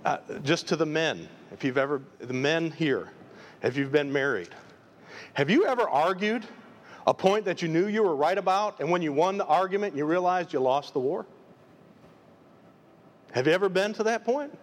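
A man's voice: a little high, animated, normal speed, long pauses. A man preaching a live sermon as pastor, emphatic and full of repeated rhetorical questions. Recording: long reverb of a large hall.

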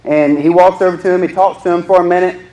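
A man's voice: high voice, steady tone, quick pace, dark tone, reverberant, poor audio. A young man preaching a sermon in a joking, conversational way, often asking the crowd questions.

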